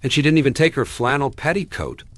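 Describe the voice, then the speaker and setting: A man's voice: fairly low pitch, very animated, measured pace, dry recording. A man reading an audiobook, voicing a pathetic, moaning spinster cousin who whines and falters. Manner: whiny, faltering.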